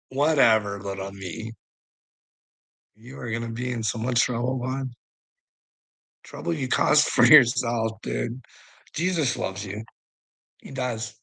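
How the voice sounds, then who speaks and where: Gravelly man rambling on a livestream. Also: mid-range voice, a bit bright, poor audio. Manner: rambling, teasing, laughs often, swears casually. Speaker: livestream host. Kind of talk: casual livestream chat answering viewers.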